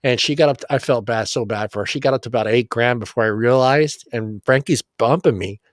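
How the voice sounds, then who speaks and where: Swearing, animated man telling a story. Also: mid-range voice, brisk, dry recording, clean studio sound. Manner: animated, swears a lot, acts out voices. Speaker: podcast co-host. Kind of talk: casual storytelling chat.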